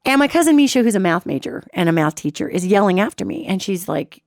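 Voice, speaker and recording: Animated, expressive woman storyteller. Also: fast talker, hardly any pauses, no echo, clean studio sound. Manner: expressive, swoops in pitch, imitates sounds. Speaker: radio show host.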